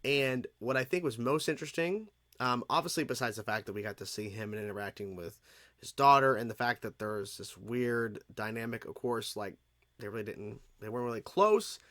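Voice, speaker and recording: A man's voice: mid-range voice, a little fast, a bit bright, no echo, studio quality. A man hosting a reaction video, commenting casually in a rambling way. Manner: rambling, many fillers and restarts.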